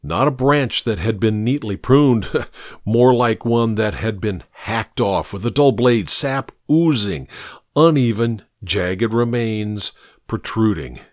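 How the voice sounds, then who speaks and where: A man reading a story aloud in a measured storytelling manner. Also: lowish voice, no echo, clean studio sound. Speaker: narrator. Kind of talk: audiobook narration.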